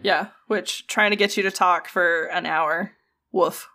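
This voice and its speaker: A woman's voice: fairly low pitch, fairly even intonation, measured pace, sharp tone. A woman co-hosting a podcast, teasing and sympathetic in casual chat. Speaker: podcast co-host.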